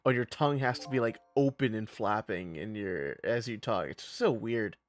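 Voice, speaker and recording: A man's voice: on the low side, expressive, moderate pace, faint music behind. A man giving casual live-stream commentary while playing a game, rambling, interrupting himself and laughing often.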